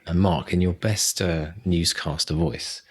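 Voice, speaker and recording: A man's voice: sits low, fairly even intonation, measured pace, husky. A man co-hosting a podcast in an upbeat, chatty way. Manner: upbeat, chatty, laughs easily. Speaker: podcast co-host. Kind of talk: casual chat.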